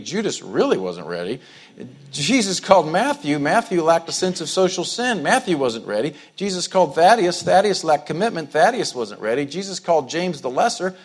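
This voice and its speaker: Male pastor, slightly high voice, conversational sermon delivery with many restarts and sharp emphatic rises. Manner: conversational preaching with frequent repetitions and restarts; rises to emphatic high-pitched stresses on key words.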